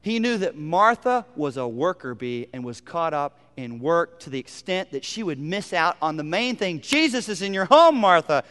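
A male pastor preaching a sermon, moving from loud emphasis to hushed, almost whispered lines. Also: a little high, lively intonation, moderate pace, few pauses, clean tone, in a large hall.

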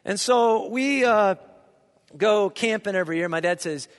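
A middle-aged man from Indiana preaching a sermon, telling a childhood story with lively, joking asides to his listeners. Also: sits high, a little slow. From Indiana, USA. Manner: lively anecdotal storyteller, jokes with the audience. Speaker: pastor. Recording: long reverb of a large hall.

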